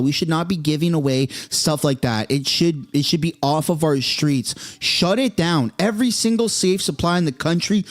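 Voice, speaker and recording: Excitable man reacting live, voice swooping. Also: on the high side. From Canada. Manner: excitable, exclaiming and swearing. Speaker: streamer reacting to political clips.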